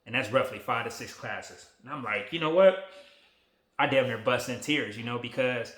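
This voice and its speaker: A man in his forties talking casually to a phone camera, relaxed, emotional and motivational. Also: medium pitch, fairly quick, reverberant. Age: 40s. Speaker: vlogger.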